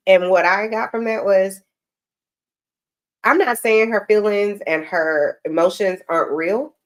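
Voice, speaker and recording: Woman host, commentary, lowish voice, direct, self-correcting. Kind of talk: casual reaction commentary.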